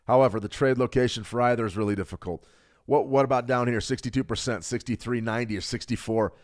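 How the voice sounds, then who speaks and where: A middle-aged man hosting a live trading stream, walking through charts quickly and joking with viewers in the chat. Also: mid-range voice. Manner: fast, animated, jokes with viewers. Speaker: trading show host. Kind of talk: live market analysis with chat replies.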